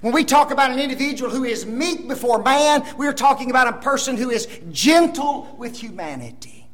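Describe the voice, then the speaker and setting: Male preacher, high voice, very lively intonation; emphatic sermon delivery with rhetorical questions and sudden hushed asides. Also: a little fast. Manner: swings between loud emphasis and hushed asides.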